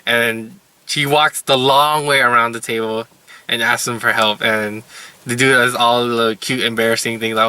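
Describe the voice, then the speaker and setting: A man recaps anime episodes in a loose, rambling way, with fillers all through his sentences. His voice is very bright and tense at an ordinary middle pitch. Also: steady tone, normal speed, clear, resonant tone, no room sound. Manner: rambling, heavy use of "like" and "you know". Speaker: anime reviewer.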